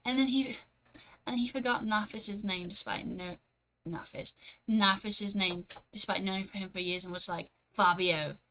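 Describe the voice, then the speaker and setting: Bright, chatty young woman streamer. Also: medium pitch, fairly even intonation, moderate pace, rough recording. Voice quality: chatty and blunt, swears freely, laughs often. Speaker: streamer reading and answering live chat. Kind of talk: casual stream chat. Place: at home.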